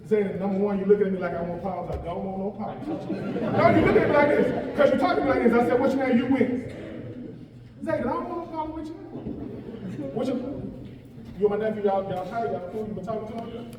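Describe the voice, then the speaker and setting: A man in his forties giving an animated, joking motivational speech to young athletes, calling out to the crowd. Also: high-pitched, fast talker, noisy background. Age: 40s. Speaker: guest speaker. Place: large event hall. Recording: echoey hall, voice picked up from far off.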